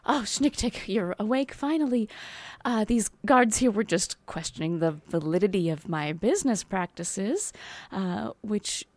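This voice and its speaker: A woman voicing a sly female trinket merchant who talks her way past guards, speaking low and hushed. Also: expressive, unhurried, few pauses, no echo.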